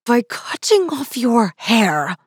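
A woman reading the part of a stern queen mother who scolds her daughter through gritted teeth, in a clipped, measured way. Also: on the high side, big pitch swings, slightly rough, no echo, studio quality, voice pushed up, full character voice. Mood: scolding.

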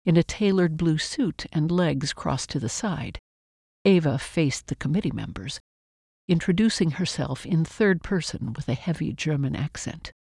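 A measured literary narrator reading a novel aloud. The voice sits at a middling pitch, recorded close and dry with no room sound. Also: lively intonation, vocal fry, darkish tone, slightly rough, no room sound. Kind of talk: scripted audiobook narration.

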